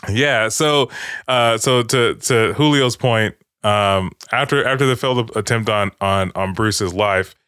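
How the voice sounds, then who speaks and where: A man's voice: on the low side, measured pace, fairly bright tone, clean tone, no echo, studio quality. A man casually recapping a movie with friends, rambling, swearing and acting out lines.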